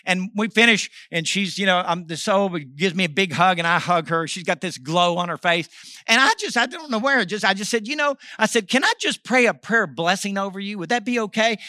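A middle-aged man, a pastor, preaching a sermon and telling a story, swinging from loud exhortation to hushed asides. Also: high-pitched, dry recording, studio quality.

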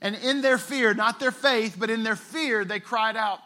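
Bright-voiced, high-pitched male pastor preaching. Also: normal speed, few pauses. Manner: conversational, retells scripture with playful asides. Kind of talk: sermon.

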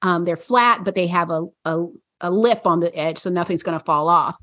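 Woman, low voice, casual podcast chat, rambling, lots of fillers, dry recording. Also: moderate pace, pushed and bright, dry recording. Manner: rambling, laughs often, many fillers. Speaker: podcast co-host.

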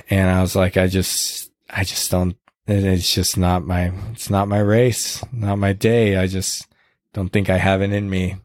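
A man casually retelling a hard race on a podcast, earnest and halting, with many restarts and quoted lines. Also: low-pitched, level tone, no room sound, studio quality. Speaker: podcast host recounting a race. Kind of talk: casual storytelling chat.

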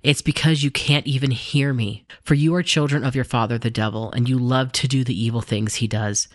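A man voicing a calm, authoritative male teacher, in a steady, earnest scripture reading. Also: medium pitch, fairly quick, dry recording, close to an everyday voice.

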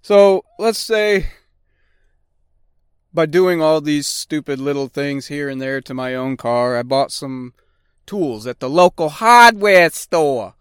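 A man's voice: a little high, a little slow, clear, resonant tone, no room sound, clean studio sound. A man in his forties hosting a casual solo podcast, rambling and joking with lots of swearing. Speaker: podcast host, auto technician.

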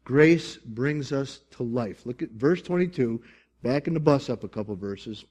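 A man preaching a sermon to his congregation, animated, with emphatic bursts and jokey asides. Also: mid-range voice, measured pace. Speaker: pastor.

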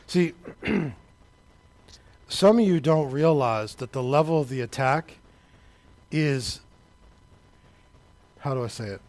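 A man preaching a sermon, talking straight to the congregation, building to shouted peaks and then dropping low and quiet. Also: lively intonation, takes it slowly, pauses often. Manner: conversational, addresses the congregation directly.

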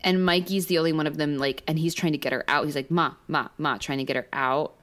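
Young woman cohosting a podcast, low voice, emphatic and really invested. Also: fast talker. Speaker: podcast co-host. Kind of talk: casual chat.

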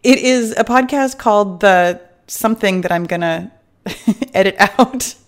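A woman's voice: medium pitch, a little slow. A middle-aged woman hosting a fitness podcast as a weight loss coach, chatty and upbeat, laughing often and wandering off on tangents. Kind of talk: casual podcast monologue.

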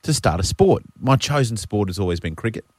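A man's voice: fairly low pitch, expressive, a little fast, darkish tone, breathy edge, dry recording. A man with an Australian accent co-hosting a radio show, telling rambling, self-deprecating stories in casual banter. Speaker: radio host. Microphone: studio microphone.

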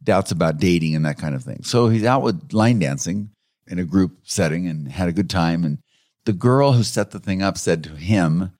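A counselor with a deep, low voice recounts client stories at a normal speed, relaxed and conversational, in an interview-style storytelling format. He's animated and chuckles between points, and the sound is close and dry with no room echo.

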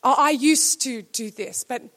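A woman preaching slips into a complacent believer who shrugs off every duty with lazy excuses, her voice dropping lower and quieter than her usual preaching. The tone is offhand and dismissive, and at moments the words tumble out quickly. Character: complacent lapsed churchgoer making excuses, adult.

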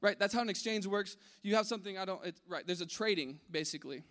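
A man preaching a casual sermon to a room, animated, acting out voices in his story and dropping to a hush at key points. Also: high-pitched, fast talker, big-room sound. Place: large room with an audience.

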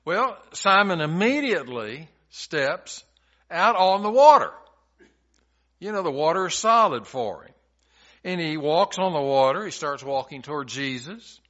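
A man preaching a sermon in a slow, unhurried cadence, his pitch rising and falling with lively swings. He tells scripture like a folksy storyteller. The recording sounds a little dull and lo-fi. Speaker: pastor.

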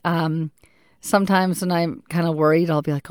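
A woman in her thirties talks openly about family life, pausing often to think aloud. Her voice sits low and even, and the recording is close and dry with no room sound. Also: no echo. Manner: candid, reflective, thinking aloud with pauses. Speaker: mother. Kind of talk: personal talk to camera.

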